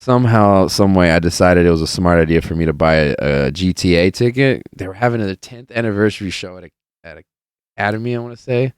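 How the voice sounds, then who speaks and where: Man, podcast host, low voice, smooth and clear, laid-back rambling, swears a lot. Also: quick pace, no echo, studio quality. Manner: rambling, profane, laid-back storytelling with many fillers. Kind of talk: casual solo podcast life update.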